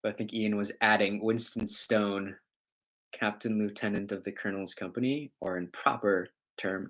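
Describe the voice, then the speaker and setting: A man's voice: fairly low pitch, fairly even intonation, moderate pace, a bit bright. A man hosting a casual livestream, reading out viewer comments and rambling in a joking way, often breaking into laughs.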